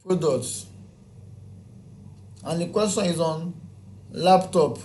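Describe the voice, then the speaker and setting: A man walks through a spreadsheet lesson at a slow, deliberate pace. His voice sits a little high for a man. He counts entries aloud and asks himself questions before he answers them. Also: a little mellow, a little hiss or hum. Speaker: spreadsheet tutor. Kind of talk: screen-recorded software tutorial.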